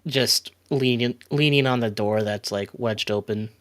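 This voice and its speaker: A man playing in a tabletop role-playing game, talking in a relaxed, chatty way. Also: medium pitch, unhurried. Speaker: player. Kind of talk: casual tabletop game talk.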